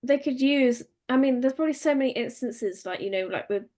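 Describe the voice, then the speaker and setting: A woman's voice: sits high, brisk, dark tone. A woman co-hosting a casual podcast, chatty and a little hesitant. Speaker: podcast co-host.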